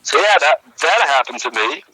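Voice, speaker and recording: A young man co-hosting a comedy podcast, telling a rambling story with many halting restarts. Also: fairly high pitch, big pitch swings, bright, forceful tone, breathy edge, no echo, low-quality recording. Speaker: podcast co-host.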